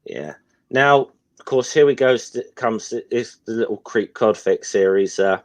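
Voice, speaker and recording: A man with a very low voice chats casually while reading comic lines aloud. He stumbles and restarts often and keeps a relaxed, conversational delivery. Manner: halting, reads quoted lines with many restarts. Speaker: co-host.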